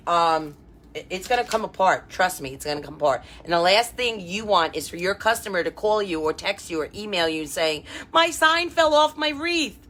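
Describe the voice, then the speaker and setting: With a fairly low, slightly bright voice, this wreath designer runs a live craft tutorial and welcomes her viewers by name. She keeps things upbeat and conversational, sprinkling in fillers and side comments to the people watching.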